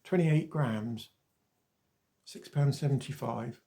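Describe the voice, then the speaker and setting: Chatty man in his forties with a gravelly voice. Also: mid-range voice, takes it slowly, warm tone. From Wales. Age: 40s. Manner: chatty and rambling, wanders off topic, mild swearing. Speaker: skincare vlogger. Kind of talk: casual talking-to-camera demonstration.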